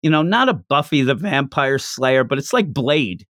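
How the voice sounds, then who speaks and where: A man hosting a podcast, chatting casually and excitably about a comic chapter. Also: medium pitch, normal speed, no room sound, studio quality. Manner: excitable, jumps into quoted voices. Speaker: podcast host reviewing manga. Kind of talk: casual review chat.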